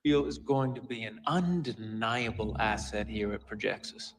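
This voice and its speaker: An actor playing a formal corporate announcer who welcomes a new team member in a sci-fi film. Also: male voice, on the low side, normal speed, slight background noise, natural voice.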